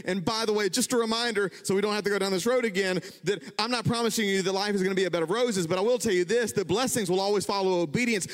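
A man preaching a sermon, conversational and animated, building to emphatic peaks. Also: sits high, fast. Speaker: pastor. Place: church hall. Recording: reverberant church hall.

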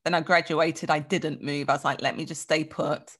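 A woman's voice: low-pitched, fairly even intonation, moderate pace, a bit bright, husky. A young woman co-hosting a podcast, chatting in a bubbly way with lots of exclamations. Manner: bubbly, exclamatory, laughs easily. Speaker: podcast co-host. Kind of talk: casual chat.

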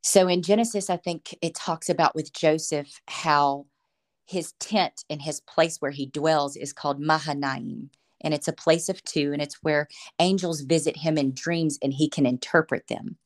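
A woman's voice: deep voice, fairly even intonation, moderate pace. A woman as a podcast guest, telling her faith testimony in earnest, emotional storytelling. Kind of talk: personal faith testimony in conversation.

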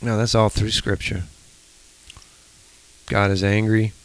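A man leading a podcast Bible study, reading scripture in a measured, deliberate way. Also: fairly low pitch, little pitch movement, clean tone, rough recording.

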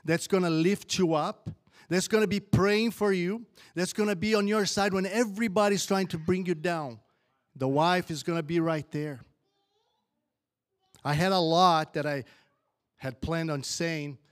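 A man addressing a church gathering, exhorting and rambling a little as he leads an appreciation of wives. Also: high-pitched. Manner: warm-hearted, exhortative, rambling.

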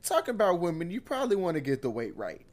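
A woman co-hosting a podcast in casual sports chat, with dry, wry asides and steady back-channel responses. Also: on the low side, quick pace. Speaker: podcast co-host.

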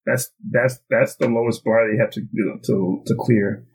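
A man in a casual podcast chat, playful and quick to laugh. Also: mid-range voice, fairly even intonation, a little mellow, breathy edge, rough recording.

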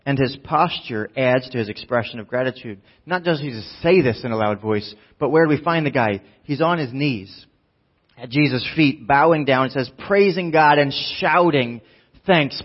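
A man preaching a sermon in an animated way, acting out voices and dropping quiet for emphasis. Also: medium pitch, breathy edge, lo-fi sound. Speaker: pastor.

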